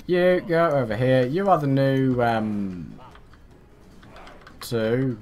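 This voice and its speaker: A man's voice: mid-range voice, very slow, a little mellow. A man narrating a strategy game, chatty and self-mocking as he barks orders at his units. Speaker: gaming YouTuber. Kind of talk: casual let's play commentary.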